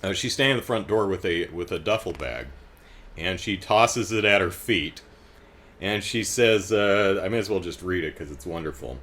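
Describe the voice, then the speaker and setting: Man, middle-aged, deep voice, casual chatty commentary, lots of ums and restarts, wry asides. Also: normal speed, a bit bright. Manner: chatty, with frequent fillers and restarts. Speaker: host reading and discussing comics.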